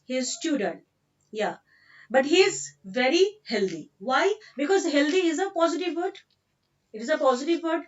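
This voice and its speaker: Indian English teacher, woman, patient and repetitive, high voice, slightly far and muffled mic. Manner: explains patiently, repeats sentences, mixes in Hindi. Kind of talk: online grammar lesson.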